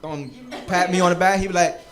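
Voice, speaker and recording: A man leads a live class in a slightly high voice. He jokes with his students, then builds into a rousing, preacher-like push for them to study. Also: a little fast. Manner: lively, joking, preacher-like urging. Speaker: Hebrew teacher.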